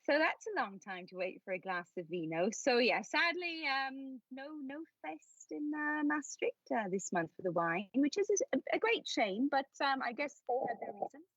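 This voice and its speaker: A woman's voice: high-pitched, expressive, normal speed, few pauses, fairly bright tone, no room sound. A woman co-hosting a show, chatting playfully and teasing, laughing often. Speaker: co-host. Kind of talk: casual chat. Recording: dry, dull lo-fi sound.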